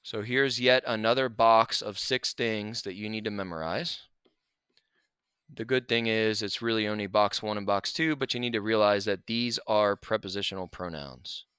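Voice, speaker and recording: Bright, crisp-voiced male teacher. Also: fairly low pitch, normal speed, no room sound. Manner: relaxed, chatty explaining with asides. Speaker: Spanish teacher. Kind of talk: recorded lesson over slides.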